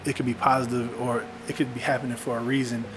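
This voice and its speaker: A man's voice: medium pitch, flat delivery, fast talker, noisy background. A young man talking candidly in a personal video diary, reflective, often saying "man". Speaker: vlogger documenting his illness. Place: in a parked car. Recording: music playing underneath.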